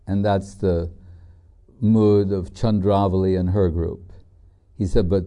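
Brief: middle-aged male spiritual teacher, chatty storyteller, unhurried and dark-toned. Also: on the low side, steady tone. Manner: storytelling, chatty with many fillers. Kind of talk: devotional scripture lecture with anecdotes.

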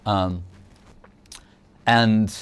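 A man giving a devotional lecture as a spiritual teacher, explaining in a measured, reflective way. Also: lowish voice, fairly even intonation, smooth.

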